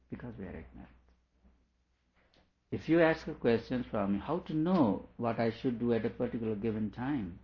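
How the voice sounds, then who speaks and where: A man with a low voice reads a philosophical passage aloud and then unpacks it, chuckling now and then. The recording sounds dull and muffled. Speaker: teacher. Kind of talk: reading and explaining a philosophical text.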